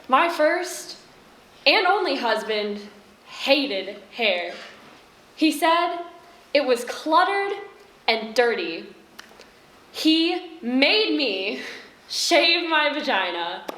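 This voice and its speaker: High-voiced young woman playing a blunt, resentful divorcée. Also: a bit bright, slight background noise, exaggerated voice. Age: young adult. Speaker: student actor. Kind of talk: stage monologue. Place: stage in a hall. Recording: echoey room.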